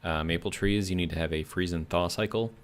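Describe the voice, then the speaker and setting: Man, very low voice, game streamer, casual chat, reads chat comments, musing. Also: fairly even intonation, fairly quick. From Georgia, USA. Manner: chatty, reads viewer comments aloud and muses between building steps.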